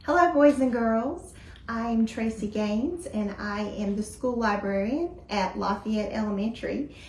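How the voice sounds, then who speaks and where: A school librarian welcomes boys and girls before reading them a story. She speaks clearly and gently to children, her voice sitting a bit high. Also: measured pace, reverberant. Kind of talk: greeting children before a read-aloud.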